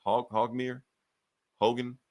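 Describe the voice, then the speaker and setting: A man's voice: mid-range voice, level tone, takes it slowly, a little mellow. A man co-hosting a podcast, recapping a comic book in a loose, profane, laughing way. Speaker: podcast co-host.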